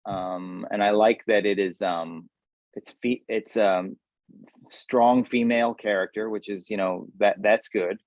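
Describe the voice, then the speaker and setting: A man's voice: fairly low pitch, fairly even intonation, measured pace, no room sound. A man with a New Jersey accent, a guest actor talking in a wry, joking, rambling way. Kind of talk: casual interview.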